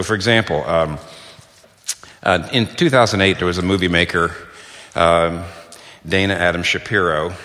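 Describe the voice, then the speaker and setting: A middle-aged male preacher with a fairly low, bright, forceful voice, delivering an earnest sermon. He leans on key phrases, repeating and quoting them for emphasis. His voice rings with the long reverb of a large hall.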